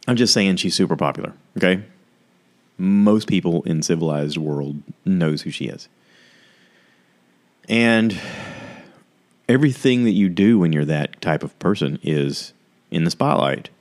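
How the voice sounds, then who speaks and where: Deep-voiced rambling podcast host. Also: male voice. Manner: rambling, self-deprecating, full of fillers and asides. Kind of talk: casual rambling review chat.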